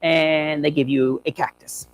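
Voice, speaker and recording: The dog trainer, a young man with a slightly high voice, talks in a flat, unhurried way while demonstrating on a live stream, though he stays chatty and upbeat and talks to his dogs throughout. The audio is poor, with a faint background hum.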